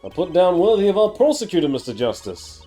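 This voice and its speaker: A man's voice: fairly high pitch, brisk, mellow, faint music behind, close to an everyday voice. A man voicing a smug, teasing young male prosecutor.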